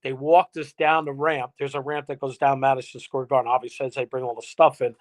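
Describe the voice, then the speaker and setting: A man's voice: medium pitch, flat delivery, a little fast. A man, a musician guest telling a rambling, laughing anecdote with some salty language. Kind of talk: casual interview storytelling. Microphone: remote live-stream guest.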